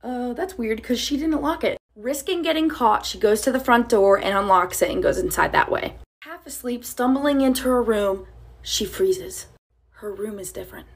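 A woman pitching a movie idea as a suspenseful TikTok story, with a breathy voice. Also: moderate pace. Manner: dramatic, suspenseful narration.

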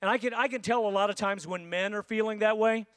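A man preaching a sermon as senior pastor, with dramatic pauses and acted-out inner voices. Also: sits high, a bit bright, clean tone. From United States. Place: large church sanctuary. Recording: dry sound with long hall reverb.

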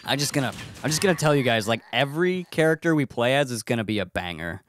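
A man's voice: medium pitch, animated, fast, a bit bright, soft background music. A young man chatting crudely and enthusiastically while playing a fighting game. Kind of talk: casual gaming chat.

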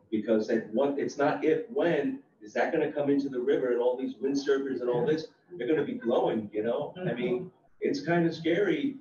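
A man speaking as an audience member at a library talk, animated and rambling. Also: medium pitch, normal speed. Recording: roomy, distant, muffled with faint noise.

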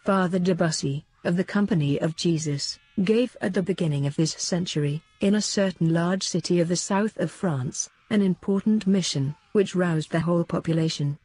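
Steady low-voiced woman reader. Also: normal speed, few pauses, slightly rough, dry recording. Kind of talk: scripted narration of a religious book.

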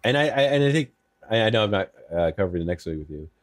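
A man with a fairly low voice, talking as a podcast guest. He chats casually and stumbles over his words as he restarts sentences. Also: sing-song, rapid-fire. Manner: chatty, stammering restarts.

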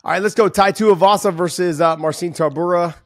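A man's voice: high voice, steady tone, fairly quick, no room sound. Podcast guy co-hosting, chill jokey chat, dry close mic. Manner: loose and joking, talks over others. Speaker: podcast co-host. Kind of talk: casual chat.

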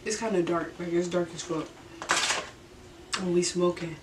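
A woman's voice: fairly low pitch, steady tone, normal speed. A young woman vlogger telling a story in her bedroom during a mukbang, laid-back, slangy and profane, laughing often. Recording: roomy, distant mic, faint hiss.

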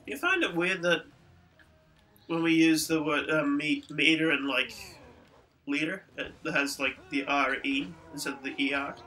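A man's voice: a little high, measured pace, sharp tone, distant mic, soft background music. A young man with hay fever, chatting in a laid-back, joking way beside a friend who is playing a game. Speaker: friend of the host. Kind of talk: casual chat. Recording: off-mic with faint hiss.

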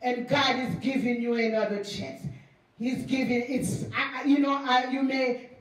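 A woman pastor preaching a sermon, animated and repetitive, acting out little dialogues to drive her point home. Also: high voice, a little slow. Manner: animated, acts out dialogues, repeats phrases for emphasis. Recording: very echoey hall, voice from far off.

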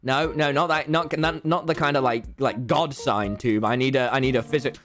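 A young man commentates on his own live game stream at a normal speed and medium pitch. He is excitable, often laughing and yelling, and repeats himself.

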